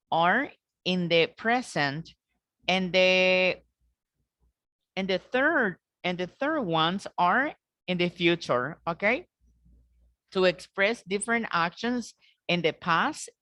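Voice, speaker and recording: Slow-talking woman teacher on a video call. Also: on the low side, lively intonation, a bit bright, dry recording. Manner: patient, repeats and checks with students. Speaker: English teacher. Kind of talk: online class instruction.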